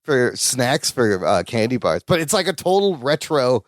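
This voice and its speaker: A man's voice: medium pitch, moderate pace, no room sound, clean studio sound. A man co-hosting a podcast, casually recapping a sitcom episode, telling it with animation and frequent laughter. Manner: animated storytelling, quotes characters, laughs often. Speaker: podcast co-host.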